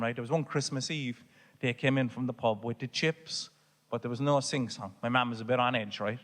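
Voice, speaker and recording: A man's voice: medium pitch, fairly bright tone, long reverb tail. A man with a Cork Irish accent doing a stand-up comedy set, telling family stories full of swearing and putting on voices. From Ireland. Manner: swearing, storytelling with exaggerated voices for his family. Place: theatre stage before a laughing audience.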